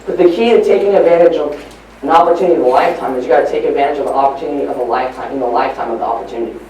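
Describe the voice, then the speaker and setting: A man giving a motivational training talk at a live event, telling stories and moving between hushed and emphatic delivery. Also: medium pitch, rapid-fire, a little hiss or hum. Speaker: motivational speaker. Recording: echoey live hall recording from far off.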